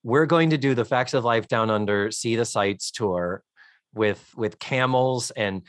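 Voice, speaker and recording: A man co-hosting a casual podcast chat, animated and profane, often acting out lines. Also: mid-range voice, measured pace, no echo, clean studio sound. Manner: animated, profane, acts out lines in character voices. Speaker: podcast co-host.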